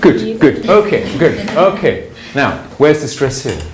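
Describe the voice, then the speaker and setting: Lively teacher drilling a classroom. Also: medium pitch, a little slow, crowd noise. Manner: drilling, emphatic model phrases.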